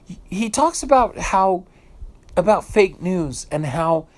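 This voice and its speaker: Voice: medium pitch, expressive, slow. A vlogger from the United States giving an emotional, unscripted rant, indignant and swearing freely, often repeating phrases while searching for words.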